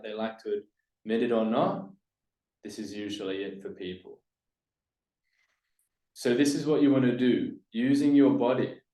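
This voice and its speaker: A man's voice: on the low side, dark tone, echoey room, poor audio. A man giving a coaching presentation to camera, pushing his points hard and swinging his voice up and down for emphasis. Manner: emphatic, demonstrates upward and downward inflection, drops voice on key points. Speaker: business coach.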